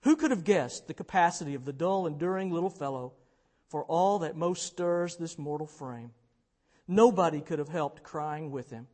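High-voiced man preaching in a reverberant hall. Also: moderate pace. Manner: dramatic storyteller, swings from hushed to loud. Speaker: pastor. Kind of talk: sermon storytelling.

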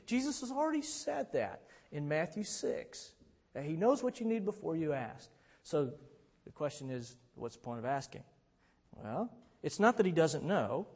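High-voiced preacher in a reverberant hall. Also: male voice, breathy edge. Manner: conversational preaching, bursts into shouts when retelling scenes. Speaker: pastor. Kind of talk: sermon.

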